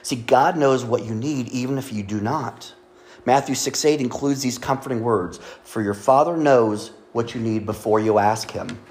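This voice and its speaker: A man's voice: medium pitch, normal speed, a little mellow. A man preaching a sermon as pastor, chatty and joking, with asides to the congregation. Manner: joking, conversational, with audience asides.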